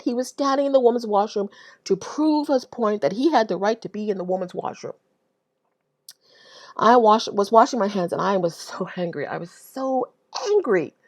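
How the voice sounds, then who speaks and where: A woman speaks to camera in an earnest, unpolished religious testimony. She stops and restarts often, doubling back over her own words as she tells her story. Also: fairly high pitch. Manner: earnest, halting, with frequent restarts and repetition. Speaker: Christian vlogger.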